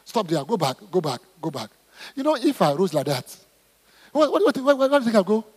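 A man preaching a sermon, reading scripture and calling on the congregation to respond, swinging between loud exclamations and soft asides. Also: high voice, big pitch swings, a little fast, husky. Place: church auditorium. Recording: long hall reverb in church auditorium.

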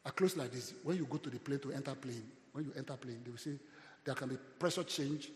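Nigerian pastor preaching in an echoey hall. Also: male voice, mid-range voice, a little fast. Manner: preaching with call-and-response, loud swells. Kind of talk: sermon.

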